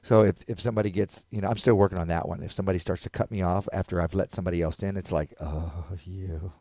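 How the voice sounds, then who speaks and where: A man's voice: low-pitched, fairly even intonation, very fast, warm tone, dry recording, clean studio sound. A man in casual podcast chat, rambling and reflective, now and then acting out quotes.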